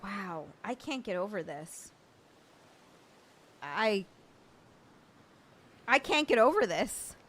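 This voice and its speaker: With a mid-range, sing-song voice, a young woman speaks slowly and pauses often, with slight background noise behind her. Hosting a casual livestream, she thanks viewers in happy disbelief, overwhelmed, stammering, laughing and swearing.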